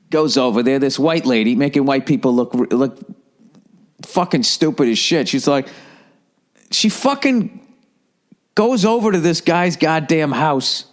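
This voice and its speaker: A man hosting a podcast, telling a rambling, profane comic story in an animated way. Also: a little high. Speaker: podcast host. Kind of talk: comedic storytelling rant.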